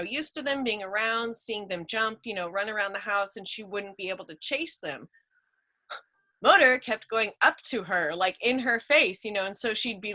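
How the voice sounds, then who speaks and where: A woman's voice: mid-range voice, bright, forceful tone, low-quality recording. A woman chatting as a guest about rescue dogs, with lots of "you know" and "like.". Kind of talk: casual chat.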